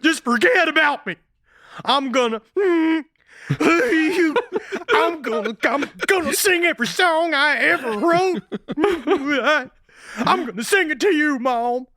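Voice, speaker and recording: Man putting on a high, bright, whiny loser crook, pleading and sing-song, dry sound. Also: expressive, takes it slowly, no echo, full character voice. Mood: tearful. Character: pathetic, self-pitying drifter criminal man.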